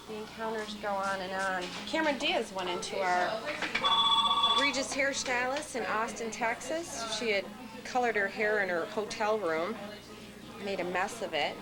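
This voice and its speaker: In poor audio with loud background music, a woman hairstylist shares chatty stories about her clients to camera. Her voice is medium-pitched and her pace moderate.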